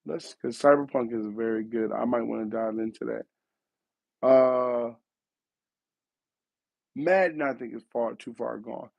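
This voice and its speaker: Hosting a casual gaming talk show, a man rambles and corrects himself as he thinks aloud, his voice worn and fading after a recent cough. It's mid-range, gravelly and a little mellow, slow with frequent pauses, and recorded without echo.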